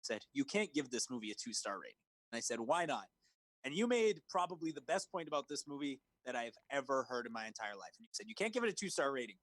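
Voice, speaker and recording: A man co-hosting a casual movie podcast, talking over a remote call. His voice swings widely in pitch as he gets worked up, swearing and laughing. The sound is dry, with no room echo. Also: fast. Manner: animated, swearing, laughs, mimics lines. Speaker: podcast co-host. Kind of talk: casual movie review chat. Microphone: remote call recording.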